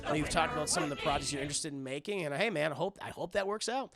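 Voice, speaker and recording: Animated gravelly man chatting with viewers. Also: a little high, over loud music. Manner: animated, swears freely, quick asides to chat. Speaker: livestream host. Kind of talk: casual chat with viewers.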